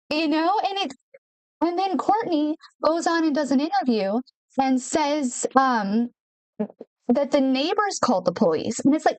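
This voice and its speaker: A woman's voice: high voice, animated, normal speed, no room sound. A woman hosting a podcast in casual talk to camera, chatty and repeating words for emphasis, speaking into a home studio microphone. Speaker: podcast host. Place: her home studio in Nashville.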